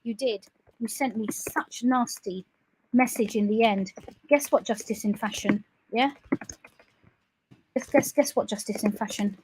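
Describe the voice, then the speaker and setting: A high-pitched woman speaks directly to her audience in an accusing tone. She repeats pointed questions and ends her phrases with a challenging "yeah?". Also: a little slow, long pauses, noisy background. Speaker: campaigner addressing viewers. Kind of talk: heated direct-to-camera rant.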